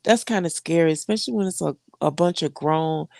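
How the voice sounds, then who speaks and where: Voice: mid-range voice, fairly quick, gravelly, a little mellow, no room sound, studio quality. A guest in a casual livestream chat, speaking bluntly and matter-of-fact.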